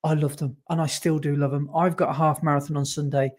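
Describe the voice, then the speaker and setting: A man's voice: a little high, little pitch movement, quick pace. Chatty man hosting a running podcast. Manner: chatty, upbeat, many fillers while reading messages. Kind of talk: casual chat.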